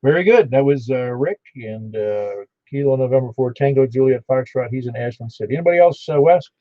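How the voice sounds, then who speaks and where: A man's voice: medium pitch, expressive, a little fast, no echo. A man running an amateur radio net, chatting casually with callers and reading out call signs in a folksy way. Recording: dull lo-fi radio audio.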